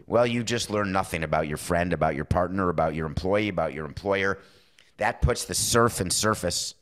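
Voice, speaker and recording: A man's voice: deep voice, fairly bright tone. A middle-aged man hosting a sports podcast, talking casually and opinionatedly and acting out little bits of dialogue. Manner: opinionated, acts out dialogue in quick asides. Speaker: podcast host. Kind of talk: casual sports talk monologue.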